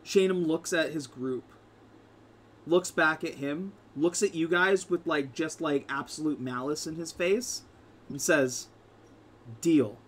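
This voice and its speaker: A man's voice: fairly high pitch, measured pace, a bit bright, a little hiss or hum. A man narrating a tabletop game as game master, rambling with lots of fillers.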